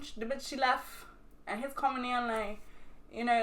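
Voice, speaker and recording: Her voice is a little high and moderately paced, with a faint hiss or hum in the recording. This young woman from Bermuda, whose accent sometimes turns British, swears freely and tells lively stories while answering viewers' questions over wine.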